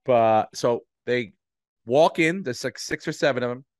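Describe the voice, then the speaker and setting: A middle-aged man spins a lively anecdote on a podcast, swearing casually and slipping into the voices of the people in his story. His voice sits at an ordinary pitch, and the recording is close and dry with no room sound. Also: a little slow, no room sound. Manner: animated, swears freely, acts out voices in anecdotes. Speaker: podcast co-host.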